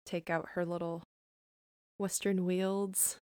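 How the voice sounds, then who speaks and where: A woman playing a tabletop game who tells an improvised campfire story, halting and laughing at her own jokes. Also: fairly low pitch, level tone, darkish tone, clear, resonant tone, dry recording, clean studio sound. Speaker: player.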